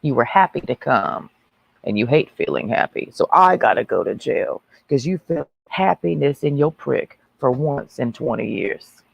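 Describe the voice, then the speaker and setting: A woman's voice: rumbling low, expressive, moderate pace, vocal fry, breathy edge, dry recording, highs cut off. A woman ranting on a livestream in a brash, mocking, preachy way.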